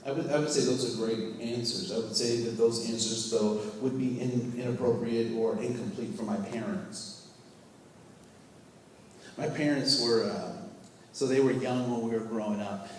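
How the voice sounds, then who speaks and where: A man's voice: mid-range voice, steady tone, moderate pace, a little hiss or hum. A man leading a workplace training session, telling stories to a live group and asking them questions. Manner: storytelling, asks the audience questions, acts out scenes. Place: training room with a live audience. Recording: echoey hall, mic far off.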